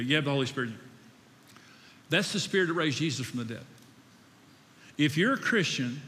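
A man's voice: fairly high pitch, sharp tone. An older man preaching a sermon in a conversational way, asking his audience questions and joking about himself. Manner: conversational, asks the audience questions, self-deprecating. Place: church hall. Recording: echoey hall.

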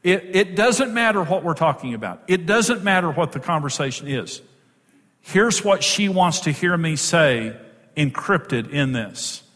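A man's voice: a little high, animated, unhurried, fairly bright tone. A man giving an emphatic teaching talk on marriage to an audience, repeating key words for stress. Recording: long hall reverb.

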